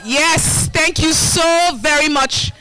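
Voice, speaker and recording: A woman's voice: sits high, slow pace, bright, forceful tone, poor audio. A middle-aged woman with a Nigerian accent giving a live demonstration talk to a community group, rousing the crowd with call-and-response. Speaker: community health educator. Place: community gathering.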